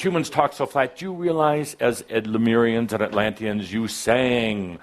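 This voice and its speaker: A man's voice: mid-range voice, normal speed, hardly any pauses. A man giving a live spiritual talk to a gathering, playful and teasing, with an exaggerated, theatrical delivery. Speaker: spiritual teacher addressing a gathering.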